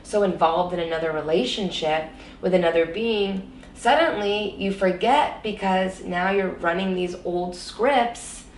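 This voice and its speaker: A woman guest in an interview reflects earnestly on her personal story, frequently using "you know," in a voice on the low side at a measured pace. She's far from the mic and slightly off it, with roomy echo, faint ambience and a little hiss or hum.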